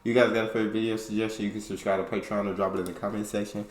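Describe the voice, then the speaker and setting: A man's voice: fairly low pitch, level tone, roomy sound, heavy background noise. A man hosting a reaction video, talking casually and reacting to clips. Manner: loud hype intro, then quick casual asides.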